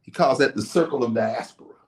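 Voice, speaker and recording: A male guest with a mid-range voice talks fast, explaining things casually in an animated, story-like way. Now and then he acts out what people said.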